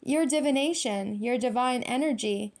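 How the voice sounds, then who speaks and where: A woman's voice: fairly high pitch, normal speed, darkish tone. A young adult woman giving a casual tarot reading, blunt and profane, full of street slang and emphatic repetition. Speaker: tarot reader.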